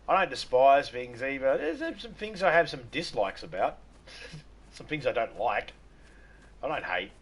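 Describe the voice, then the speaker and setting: A man's voice: medium pitch, fairly bright tone. Rambling Australian man streaming live. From Western Australia. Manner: rambling, joking, laughs often. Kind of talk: casual live-stream chat.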